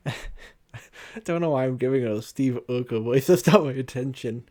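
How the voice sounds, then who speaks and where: A young man telling a profane, animated, rambling storytime rant about retail customers as a vlogger. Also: medium pitch, normal speed, pauses often.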